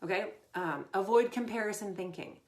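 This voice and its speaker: A middle-aged woman coaching in a loose, chatty way, full of little fillers. Her voice sits at an ordinary pitch for a woman. The room around her rings with a noticeable echo. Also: normal speed. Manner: chatty, conversational, many fillers. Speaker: performance coach. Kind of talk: casual Q&A advice talk.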